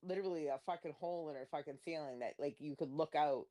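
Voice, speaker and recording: A woman hosting a live stream, telling crude, laughing gossip stories in a casual chat. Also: fast talker. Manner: profane, laughing, animated gossip; mimics others in a high squeaky voice.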